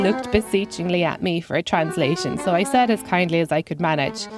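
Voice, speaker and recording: A woman's voice: lowish voice, normal speed, hardly any pauses, music in the background. Dry, self-mocking woman comedian. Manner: dry, self-deprecating delivery. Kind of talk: first-person comic storytelling.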